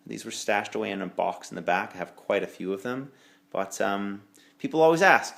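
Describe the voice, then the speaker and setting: A bike shop owner giving a casual late-night walkthrough of his store, relaxed and rambling with fillers and self-corrections. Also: on the low side, fairly quick, gravelly. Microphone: handheld camera while walking.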